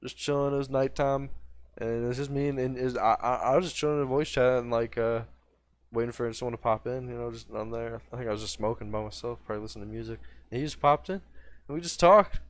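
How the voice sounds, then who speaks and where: A man streaming a game while high, talking in a loose, rambling way that trails off and restarts mid-thought. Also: fast. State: high after smoking. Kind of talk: casual rambling stream chat.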